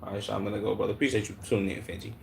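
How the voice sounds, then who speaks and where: A man streaming live, his voice sitting on the lower side. He talks bluntly with plenty of slang and swearing. He restarts his sentences as he thinks them through, with a faint hum of noise behind him. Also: steady tone, rapid-fire, gravelly. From Chicago. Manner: blunt, heavy slang and swearing, calls the audience "gang" and "bro"; thinks aloud with many restarts and repeated words. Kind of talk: live-stream commentary reacting to chat.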